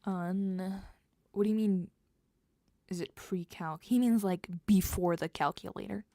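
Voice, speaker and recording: A young woman streamer chatting casually while she writes, drifting between rambling talk and half-whispered musing. Her voice carries a gravelly fry, and she speaks at a slow, unhurried pace. The sound is dry and close-miked. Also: medium pitch, fairly even intonation, dark tone, no room sound. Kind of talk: casual livestream chat while writing.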